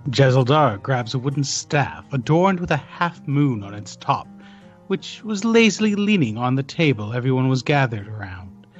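A man narrating a fantasy audio drama in a measured storytelling manner. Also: medium pitch, very animated, dull audio, soft background music.

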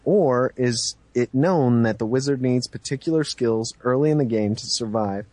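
A man with a mid-pitched voice teases his co-hosts on a gaming podcast, laughing often. The recording sounds dry and close. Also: moderate pace, darkish tone, no room sound. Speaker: podcast co-host. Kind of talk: casual chat.

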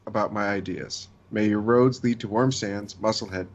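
A man co-hosting a podcast, reading a listener email and chatting in a measured way. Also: lowish voice, steady tone. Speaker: podcast co-host. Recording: dull lo-fi sound.

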